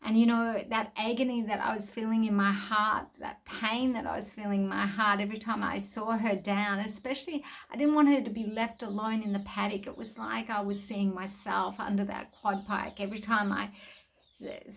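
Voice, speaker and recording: A woman's voice: mid-range voice, a bit bright. A woman sharing an emotional personal testimony about her farm, speaking earnestly with many restarts. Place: outdoors in a farm paddock.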